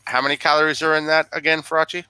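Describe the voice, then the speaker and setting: A man's voice: on the high side, level tone, rapid-fire, pushed and bright, slight background noise. A man co-hosting a casual video-call chat show, bickering playfully and acting mock-offended. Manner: playfully argumentative, mock-indignant. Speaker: co-host.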